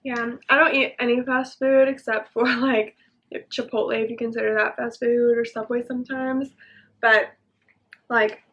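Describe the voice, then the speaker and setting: A young woman hosting a casual mukbang chat at home, talking while she eats, chatty and quick to giggle. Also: on the high side, fairly bright tone. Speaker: vlogger host. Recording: dull lo-fi sound.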